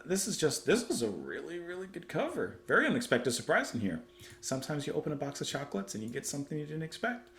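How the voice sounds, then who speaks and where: A man's voice: a little high, sing-song, fast, a bit bright, echoey room. A man giving casual reaction commentary on music, chatty and thoughtful as he muses aloud.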